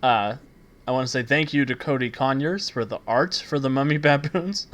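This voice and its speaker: A man's voice: medium pitch, normal speed, fairly bright tone. A man running a tabletop game as game master, narrating scenes in detail with frequent "uh" fillers.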